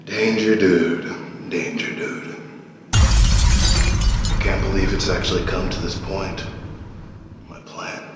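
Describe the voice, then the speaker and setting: A man voicing a scheming male villain who speaks in a drawn-out, menacing way that sinks to a whisper. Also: low voice, steady tone. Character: scheming male villain revealing his plan. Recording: echoey hall, noisy, with traffic behind.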